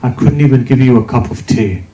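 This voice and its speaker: A man voicing a poor elderly man in a story, speaking softly and humbly. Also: medium pitch, fairly quick, a little hiss or hum, close to an everyday voice. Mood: humble. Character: poor elderly man pushing a heavy cart. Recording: echoey hall.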